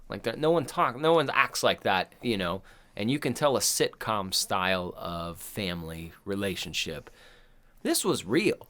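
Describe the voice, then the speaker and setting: A man's voice: lowish voice, big pitch swings, measured pace, fairly bright tone. Thirties male podcast co-host, loose and profane, rambling chat delivery. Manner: loose, profane, rambling retelling with quoted voices. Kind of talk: casual chat.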